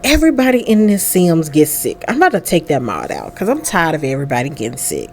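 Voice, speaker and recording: This let's play host is a young woman whose deep voice swoops wildly in pitch, fast and somewhat dark, over a faint hiss or hum. She keeps up easygoing commentary on a life-sim game, talking to her character throughout.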